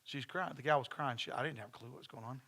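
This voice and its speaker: A man's voice: mid-range voice, quick pace, creaky, fairly bright tone. A middle-aged man, preaching a sermon in church with folksy stories and phrases repeated for emphasis. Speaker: pastor.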